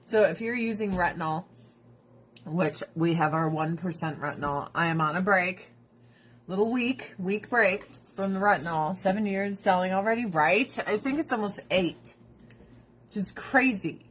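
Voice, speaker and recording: Mid-range and at normal speed, this woman's voice comes with a little hiss or hum. Selling skincare directly, she tries products on while rambling chattily, laughing, cursing without restraint and sharing firm opinions.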